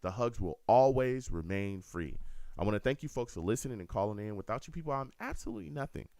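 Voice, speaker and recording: A man hosts a fan call-in show with a very low, deep voice. He talks to listeners in an animated, repetitive way. The sound is dry and close, with no room echo. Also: fast talker. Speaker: host of a fan radio show. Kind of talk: casual call-in show talk.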